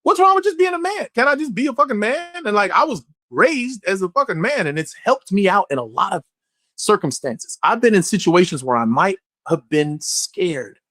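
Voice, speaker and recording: A man gives a candid interview in a swearing, animated, storytelling way. His pitch rises and falls freely. The sound is dry and close, with almost no room echo. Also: moderate pace. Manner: blunt and profane, animated storytelling. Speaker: actor, interview guest.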